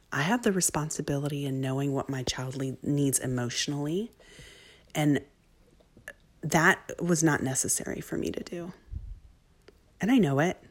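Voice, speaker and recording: Woman, 30s, low and husky, earnest mom talking to camera, slips into whispers. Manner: heartfelt, self-critical, drops into soft whispers. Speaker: mother sharing a parenting story. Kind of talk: candid personal talk to camera.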